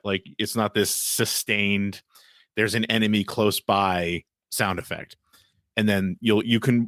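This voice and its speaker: A podcast co-host chats casually, rambling along with lots of fillers and restarts. His voice is lowish and a little bright, recorded cleanly in a studio with no room sound.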